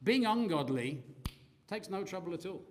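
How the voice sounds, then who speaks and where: A man preaching a sermon, animated and joking, mixing asides and sound effects into his talk. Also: high-pitched, moderate pace, slight background noise. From Australia. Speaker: pastor.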